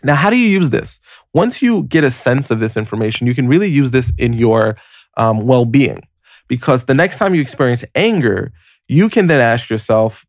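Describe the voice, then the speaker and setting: A man's voice: medium pitch, fairly quick, no echo, studio quality. A man hosting a motivational podcast, talking casually and directly to the listener with lots of "like" and "you know". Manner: lively, conversational, heavy use of "like" and "you know"; explains step by step, addressing listener directly. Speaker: podcast host.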